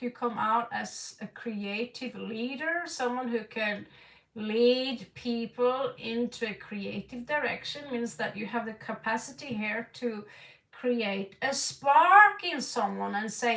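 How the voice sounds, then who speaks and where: A woman's voice: a little high, fairly bright tone, echoey room, far from the mic, poor audio. A woman doing an online tarot reading in a rambling, frank way. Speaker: tarot reader.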